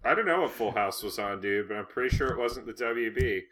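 A young man co-hosting a comedy podcast, deadpan and hesitant with filler words. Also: medium pitch, fairly quick. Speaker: podcast co-host. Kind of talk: casual comedic chat.

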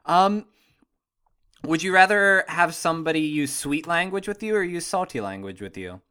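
A man co-hosting a casual podcast chat, tossing out jokey, deadpan asides. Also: a little high, moderate pace, clear, resonant tone. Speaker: podcast co-host.

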